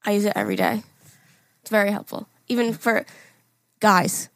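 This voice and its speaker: A woman's voice: mid-range voice, big pitch swings, normal speed, a bit bright, no room sound. A young woman co-hosting a podcast, telling stories chattily, laughing and swearing often. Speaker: podcast co-host. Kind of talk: casual chat.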